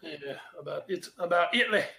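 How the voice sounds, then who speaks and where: A man with a high voice co-hosts a casual sports chat. He talks in an animated, rambling way and swears freely. His voice carries a roomy echo. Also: a little fast, gravelly, a crowd in the background. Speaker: podcast co-host.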